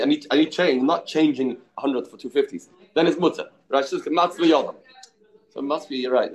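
A man teaching an informal Talmud study class, thinking aloud, answering students, and mixing Hebrew and Aramaic terms into his English. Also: mid-range voice.

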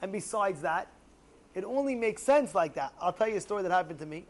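Teaching a class a religious lesson, a young man speaks a little fast in a voice that sits high. He's an animated storyteller who performs angry outbursts and keeps asking rhetorical questions.

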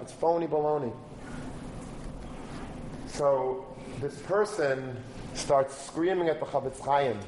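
Male preacher, story-driven sermon, slightly high voice, roomy recording with faint background. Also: slow, pauses often, slight background noise. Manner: animated storytelling, rising to forceful exhortation.

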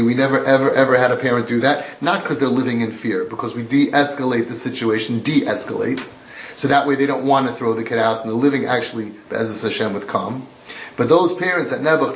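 A man's voice: medium pitch, a little hiss or hum. A man giving a sermon-style religious lecture, emphatic and repetitive, quoting from texts. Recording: roomy echo.

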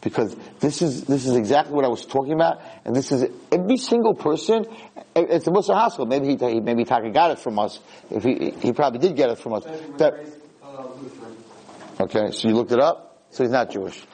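A middle-aged man teaching a Torah class, an animated storyteller whose voice leaps high when acting out the quotes, talking quickly and often repeating and restarting words. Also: slightly rough, poor audio. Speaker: rabbi lecturer. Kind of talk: Torah class to a live room.

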